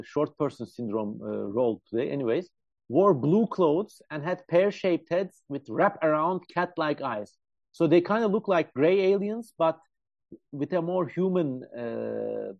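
A man's voice: a little high, a little mellow, dry recording, highs cut off. A man co-hosting a casual podcast, retelling a story animatedly with jokey asides and many fillers. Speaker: podcast co-host. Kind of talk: casual chat.

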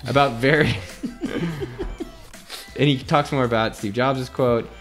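A man's voice: mid-range voice, steady tone, a little slow, a bit bright, soft background music. A man reading old ad copy aloud with theatrical flair, often breaking into laughter as he goes. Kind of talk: dramatic read-aloud with laughter.

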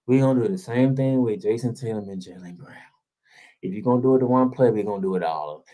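A man giving a heated solo basketball commentary, ranting and firing rhetorical questions at the team. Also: mid-range voice. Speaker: sports blogger.

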